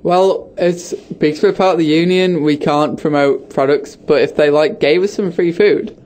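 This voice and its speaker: Young British man, slightly high voice, dry, pedantic radio banter. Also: normal speed, a little mellow. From Britain. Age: young adult. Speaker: co-host playing sound effects. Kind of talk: casual banter. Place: radio studio.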